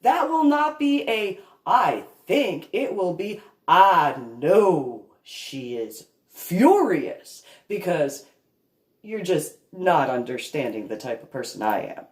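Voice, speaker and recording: A woman talks through her own story as a parent, slow and deliberate, with emphatic pauses. Her pitch swings widely from phrase to phrase. The recording carries a noticeable room echo. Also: sing-song. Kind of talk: unscripted monologue vlog.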